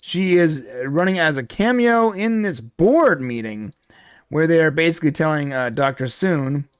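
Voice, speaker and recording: A man's voice: on the high side, lively intonation, normal speed, smooth, no echo. Dry-sounding man chatting casually about TV. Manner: rambling, jokey, many restarts. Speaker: podcast co-host. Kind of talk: casual pop culture chat.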